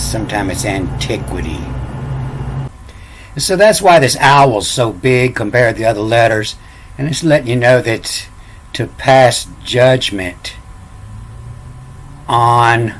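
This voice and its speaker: A man explaining ancient letters off the cuff, halting and repeating words, spelling out letters one at a time. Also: lowish voice, a little hiss or hum. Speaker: self-taught lecturer.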